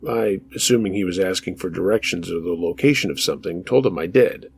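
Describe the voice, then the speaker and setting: Gravelly low-voiced male horror narrator. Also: a little fast, darkish tone. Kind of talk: scripted narration of true scary stories.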